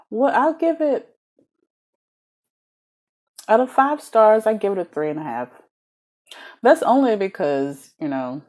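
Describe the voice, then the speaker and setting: A woman giving a casual, chatty book review, talking animatedly and laughing often between thoughts. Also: medium pitch. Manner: animated, chatty, giggly, many fillers.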